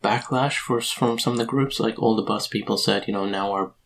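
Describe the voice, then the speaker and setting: A man's voice: mid-range voice, steady tone, a little fast, crowd noise, rough recording. A man on a casual podcast, explaining facts at length in a lecture-like way. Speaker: podcast co-host. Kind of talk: casual chat.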